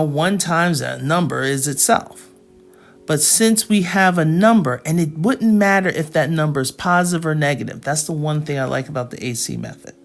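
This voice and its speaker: A woman teaching a live math lesson, explaining each step patiently and checking in with her students. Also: low-pitched.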